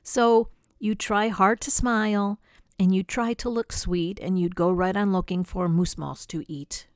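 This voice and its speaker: An older woman reading a rhyming picture book aloud, dramatic with soft whispered asides. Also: medium pitch, fairly even intonation, measured pace, no echo, clean studio sound. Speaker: storyteller.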